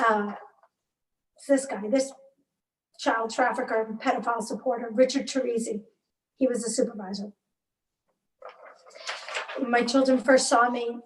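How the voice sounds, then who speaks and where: A woman in her forties telling her own story as an interview guest, emotionally charged and halting, with bursts of anger. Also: a little high. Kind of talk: personal account in a podcast interview. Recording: roomy, distant mic.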